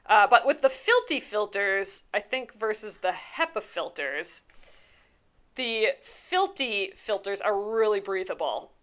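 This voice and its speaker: A woman's voice: medium pitch, very animated, measured pace, a bit bright. A young woman hosting a live embroidery stream, chatting casually and rambling through viewer questions with fillers, restarts and easy laughs. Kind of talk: casual live crafting chat, answering viewer comments.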